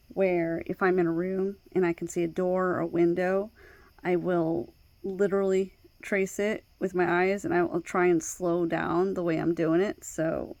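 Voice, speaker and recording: A woman vlogging in casual personal talk, hesitant, with many pauses, fillers and restarts. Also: fairly low pitch, darkish tone, no echo. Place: outdoors at night by her door.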